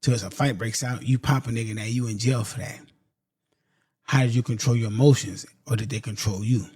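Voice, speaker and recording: A podcast host gives a casual motivational talk, speaking directly to his listeners as "y'all" and hammering points home by repeating them. His medium-pitched male voice is fairly quick, fairly even in intonation, a little mellow, with a breathy edge. The studio-quality recording is dry, with no room sound.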